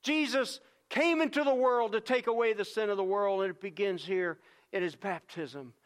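A male pastor preaching with a high, smooth, clear voice. He is earnest and emphatic, repeats phrases for weight, and drops to a hush before rising again. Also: moderate pace. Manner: swings between hushed and loud stretches. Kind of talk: sermon.

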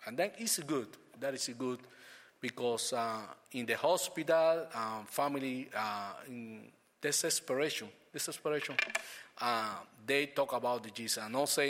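A man's voice: mid-range voice, fairly bright tone, in a large hall. Man giving church testimony. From Cuba. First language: Spanish. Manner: halting non-native English with frequent restarts.

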